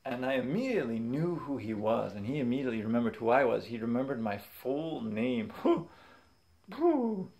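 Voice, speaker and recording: Gravelly-voiced man telling stories. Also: mid-range voice, brisk, few pauses. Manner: animated, acts out voices in quotes, laughs often. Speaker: vlogger. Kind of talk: casual storytelling.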